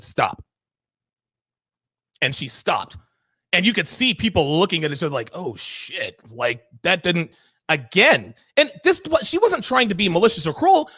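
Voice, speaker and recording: A man's voice: high voice, pushed and bright, dry recording. A man hosting a talk show, telling stories in a blunt, emphatic, profane way. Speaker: podcast host. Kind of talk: casual chat.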